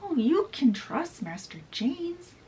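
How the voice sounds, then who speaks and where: A woman's voice: high voice, big pitch swings, slow, mellow, recorded from a distance, a little hiss or hum, voice pushed up, heavily acted. A woman voicing a loyal male pirate first mate in a storybook retelling, sounding cheerful and inviting.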